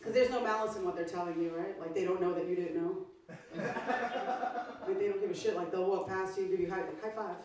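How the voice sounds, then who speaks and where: A woman's voice: lowish voice, steady tone, fast talker, darkish tone, slight background noise. A woman comedian performing a stand-up set, with a brash, profane, punchy delivery. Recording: echoey club sound from far off.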